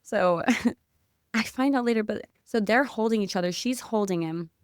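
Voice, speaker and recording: A woman with a smooth, clean voice tells a story as a podcast guest, eager and excitable, peppering her talk with "like." The sound is dry and close, with no room around her. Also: medium pitch, moderate pace, no room sound. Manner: excitable, fills talk with "like", spiritual vocabulary. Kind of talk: animated storytelling in casual chat.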